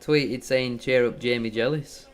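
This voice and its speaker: An excitable man giving gloating, bantering live commentary as a football fan on a match watchalong stream. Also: mid-range voice, a little slow.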